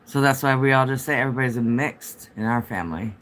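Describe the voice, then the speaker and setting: A man's voice: mid-range voice, quick pace, fairly bright tone, a little hiss or hum. Male livestreamer at home, mid-range voice, chatty and meandering, talks straight to viewers. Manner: rambling, chatty, answers viewer comments. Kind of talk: casual livestream chat.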